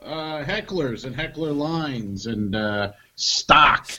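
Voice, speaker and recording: A man's voice: a little high, animated, slow, bright, forceful tone. A man co-hosting a comedy podcast, telling jokes and road stories in loose, casual chat and swearing freely.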